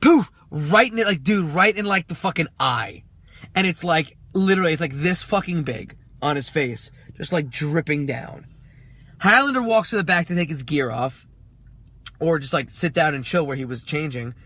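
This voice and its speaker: A man co-hosting a casual talk show, telling a story in an animated way and swearing often. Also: on the high side, normal speed. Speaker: podcast co-host.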